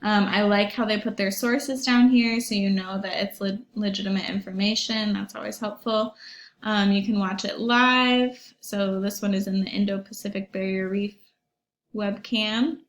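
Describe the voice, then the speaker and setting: A woman's voice: medium pitch, fairly even intonation, moderate pace. A young woman teacher talking her class through a website in a recorded online lesson, chatty and upbeat with lots of ums and little asides to the pupils. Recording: echoey room.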